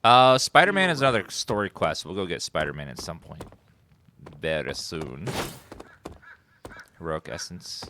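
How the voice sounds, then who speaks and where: A man casually commenting on gameplay, reading game text aloud and swearing when excited. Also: low voice, normal speed, long pauses, noisy background. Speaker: gaming streamer. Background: game music and sounds.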